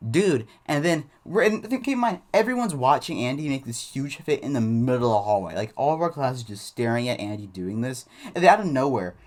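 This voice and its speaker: A man's voice: mid-range voice, expressive, brisk, hardly any pauses. Rambling man telling a school story. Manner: rambling, many fillers and restarts. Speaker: channel host. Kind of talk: casual storytime.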